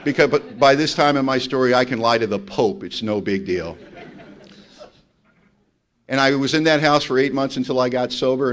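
A man speaking at a recovery meeting, telling his story in a blunt, emphatic and self-mocking way. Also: medium pitch. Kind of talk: personal testimony talk.

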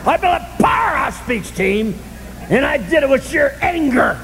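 An older man telling a humorous story at a recovery meeting, animated and self-mocking, swinging from loud bursts to low asides. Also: normal speed, vocal fry, a little hiss or hum, poor audio. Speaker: speaker sharing his story at a recovery meeting.

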